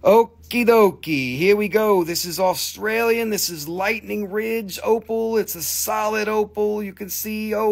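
A man with a gravelly, slightly high voice pitches stones live into his phone. He jokes and swears freely, and his grammar is loose and broken. The feel is a casual sales stream. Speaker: host selling crystals on a live stream.

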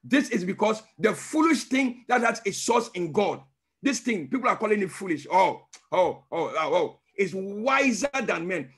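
Husky, high-voiced preaching pastor. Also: male voice, sing-song, normal speed, a bit bright. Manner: emphatic, with call-and-response questions; breaks into speaking in tongues. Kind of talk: teaching sermon.

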